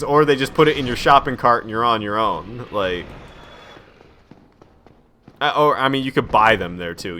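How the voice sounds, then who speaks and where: A man's voice: mid-range voice, expressive, normal speed, bright, forceful tone, a little hiss or hum. A young man streaming a video game at home, rambling casually and reading chat messages aloud.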